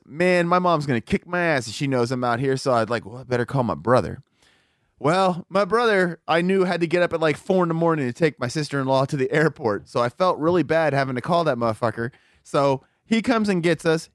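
Male, 40, higher-pitched, profane and animated raconteur; dry, close-miked recording. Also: dry recording. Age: 40s. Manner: profane, animated storytelling with acted-out quotes. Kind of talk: casual storytelling chat.

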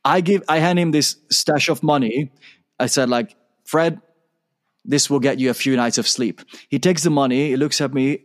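A man's voice: medium pitch, moderate pace. A man telling a personal story as a guest on an interview show, talking with energy and acting out the dialogue. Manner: animated, acts out dialogue in his story. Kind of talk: conversational storytelling.

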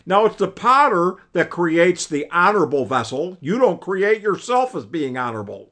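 Over a video call, a man leads a Bible class, preaching earnestly and emphatically and frequently recounting what his old teacher told him. His high voice has a sharp edge and a sing-song lilt, moving at normal speed.

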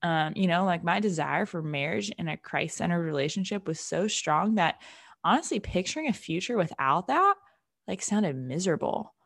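A woman's voice: on the low side, lively intonation, normal speed, vocal fry, no room sound, clean studio sound. A young woman talking casually about faith and dating, chatty and full of fillers. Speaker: speaker sharing a faith testimony.

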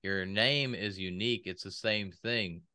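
A man's voice: lowish voice, unhurried, bright, forceful tone, smooth. A man talking casually in a podcast conversation about speaking and business, and he acts out quoted voices.

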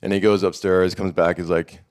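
Middle-aged guy from montana, really low voice, telling a story on a panel and doing everyone's voices. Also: moderate pace. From Montana, USA. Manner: animated storyteller, acts out quoted voices. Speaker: founder of a summit and network.

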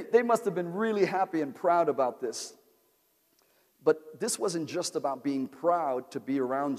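A male pastor preaching a sermon in a church, with call-and-response repetition that builds to shouting. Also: medium pitch, in a large hall.

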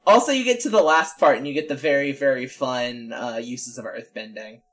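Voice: mid-range voice, brisk, a bit bright. A podcast co-host in casual chat who explains things at length and laughs often.

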